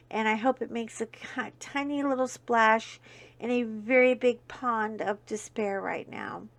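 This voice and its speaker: A middle-aged woman, hosting a casual coloring vlog and chatting with her viewers, telling stories with bursts of laughter. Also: fairly high pitch. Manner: chatty, warm-hearted storyteller with bursts of laughter.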